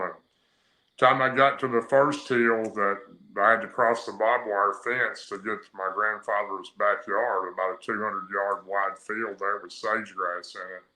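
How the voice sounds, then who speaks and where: A man's voice: fairly low pitch, sharp tone. Man telling a long story, echoey. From Tennessee. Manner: rambling, plain-spoken storytelling with many fillers. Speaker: guest. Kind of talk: telling a personal story on a radio interview. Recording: echoey, roomy sound.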